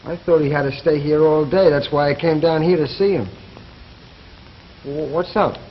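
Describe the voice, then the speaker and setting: A man's voice: on the high side, normal speed, slight background noise, natural voice. An actor playing a young soldier looking for his father, direct and questioning, in 1940s radio acting on a dull old recording. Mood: puzzled. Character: young soldier son, puzzled.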